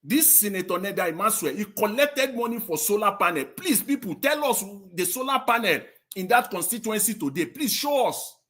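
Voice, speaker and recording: A man's voice: high voice, animated, normal speed, few pauses, bright, forceful tone. A man, speaking as a panelist in a live-stream discussion, impassioned and indignant, pressing with rhetorical questions.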